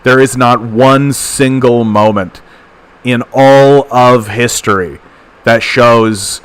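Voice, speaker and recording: A man from Canada hosting a livestream political commentary show, ranting fast with repeated phrases and stammered restarts. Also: medium pitch, fairly even intonation, a bit bright, clean tone. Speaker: host.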